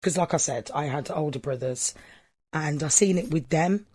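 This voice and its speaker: A man's voice: fairly high pitch, moderate pace, darkish tone, husky, no echo. A man being interviewed for a documentary, recalling his school years thoughtfully as he searches for words.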